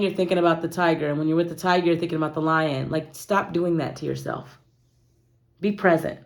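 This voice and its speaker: A woman's voice: on the low side, creaky. A woman giving a casual tarot reading, talking playfully and straight to her viewers. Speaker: tarot card reader.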